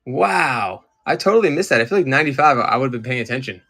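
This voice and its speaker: A man's voice: medium pitch, animated, quick pace, a bit bright. Chatty man selling cards live. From Maryland. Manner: chatty, distracted, talks to viewers while sorting items. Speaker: live-stream auction seller.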